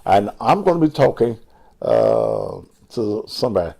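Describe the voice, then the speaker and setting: A man's voice: fairly low pitch, huge pitch swings, unhurried, gravelly, a little mellow. An older man hosting an online show, cursing and taunting commenters in a combative rant. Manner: crude, combative, cursing, mocking. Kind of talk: profane live-stream rant.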